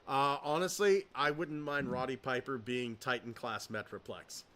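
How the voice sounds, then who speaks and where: Bright-voiced man reading chat comments. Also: mid-range voice, normal speed, hardly any pauses. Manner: offhand, frequent "uh", dry asides. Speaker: podcast host. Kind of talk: casual chat, reading viewer comments aloud.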